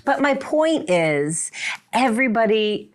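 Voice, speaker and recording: Lively woman podcast host telling stories. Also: a little high, slow. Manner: lively storyteller who acts out quoted voices. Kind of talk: casual podcast chat.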